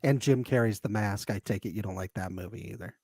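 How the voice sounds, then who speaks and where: A man's voice: on the low side, fast, a little mellow, no room sound, studio quality. A man co-hosting a casual podcast, joking and speaking bluntly. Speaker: podcast co-host.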